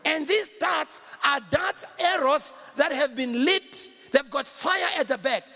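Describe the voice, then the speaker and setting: High, gravelly shouting preacher man. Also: a little slow, long reverb tail. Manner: fiery preaching with shouted call-and-response. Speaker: pastor. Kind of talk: sermon.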